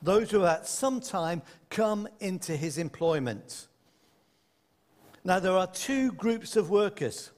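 A man preaching a sermon to a congregation, lively and conversational, with playful asides. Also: high voice, slow. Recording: echoey hall.

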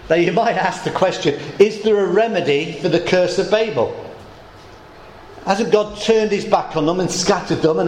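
A middle-aged pastor preaching a sermon, emphatic and rhetorical, slowing words down for effect, in a church hall. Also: male voice, on the high side, darkish tone, slight background noise.

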